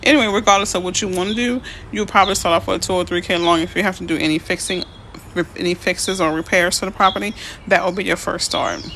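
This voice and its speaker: A woman realtor chatting casually on a live stream, reading out viewer comments and answering them in a chatty, excitable way. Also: lowish voice, quick pace, background noise. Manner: chatty, excitable, easily emotional. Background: birds chirping faintly.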